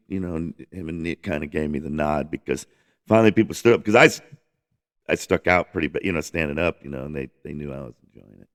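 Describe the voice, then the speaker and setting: A man's voice: low voice, a little fast, creaky. A man hosting a casual music podcast, rambling enthusiastically with lots of restarts and the odd swear. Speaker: podcast host.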